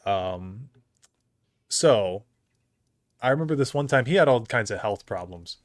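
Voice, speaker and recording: A man's voice: lowish voice, animated, measured pace, long pauses, no echo, studio quality. A young man streaming, telling a rambling anecdote about an old coworker and laughing often as he talks. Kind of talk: casual storytelling on a live stream.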